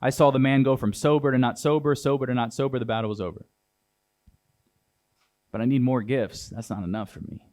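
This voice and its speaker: A man's voice: mid-range voice, steady tone, fairly quick, long pauses, a little mellow. A young adult man giving a keynote speech on stage, punchy and dramatic, talking straight to the audience. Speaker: motivational speaker. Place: large event hall on stage.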